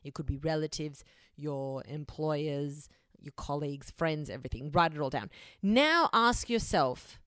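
A woman's voice: sits low, lively intonation, measured pace, fairly bright tone, dry recording, clean studio sound. A young woman hosting a solo advice podcast, speaking bluntly and frankly, with casual swearing. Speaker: podcast host.

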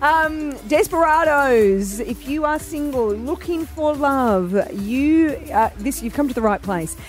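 A woman's voice: high voice, measured pace, darkish tone. An Australian woman hosting a radio show, chatting casually and giggling as she promotes an event. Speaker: radio host. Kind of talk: casual breakfast radio chat.

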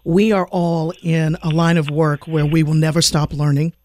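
A man's voice: on the high side, little pitch movement, moderate pace, a little mellow. A man hosting a panel discussion, affirming and encouraging, and losing his voice. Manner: affirming, encouraging, frequent agreement. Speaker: program host.

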